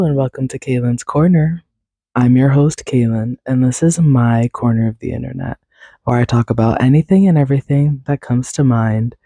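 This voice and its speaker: A young woman hosting a casual solo podcast, raspy and congested from a cold, rambling along with lots of fillers. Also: a bass voice, dark tone, no echo, studio quality. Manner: rambling, filler-heavy, self-deprecating. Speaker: podcast host.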